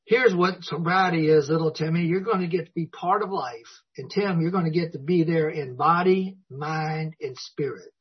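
A man's voice: on the high side, normal speed, hardly any pauses, slightly rough. An older man speaking at a recovery meeting, telling his story in a folksy way and acting out the dialogue. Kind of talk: personal recovery talk. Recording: dull lo-fi recording.

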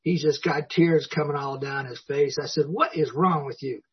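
On a dull lo-fi recording, a man with a fairly high, slightly rough voice speaks steadily at a normal speed. Sharing his own story with the audience at a recovery meeting, he's folksy and self-mocking, chuckling often.

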